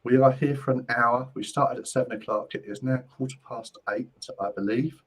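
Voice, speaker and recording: Brief: male medium hosting a live stream, mid-pitched, chatty and repetitive, stumbles over restarts. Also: fairly even intonation, moderate pace, slightly rough, rough recording. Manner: rambling, repeats phrases, stumbles on restarts. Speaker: spiritual medium and host. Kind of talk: live-stream psychic readings.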